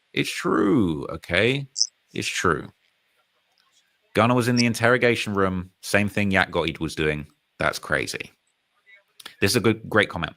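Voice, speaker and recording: A British man hosting a live stream, commenting casually and emphatically on rap news and reading out chat comments. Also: lowish voice. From United Kingdom. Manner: animated, emphatic, repeats phrases, reads comments aloud.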